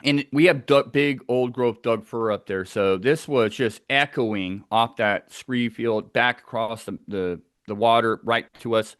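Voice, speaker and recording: A man's voice: medium pitch, measured pace, hardly any pauses, a bit bright, clean tone, dry recording, studio quality. A man telling a tense first-person story of a wilderness encounter, acting out the sounds as he goes.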